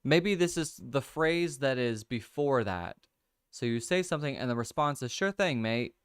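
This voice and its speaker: A young man casually hosting a livestream, thinking out loud over crossword clues, reading viewer comments and laughing often. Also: medium pitch, expressive, normal speed, clear, resonant tone, dry recording, studio quality. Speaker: livestream host. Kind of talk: casual chat, solving a crossword with chat.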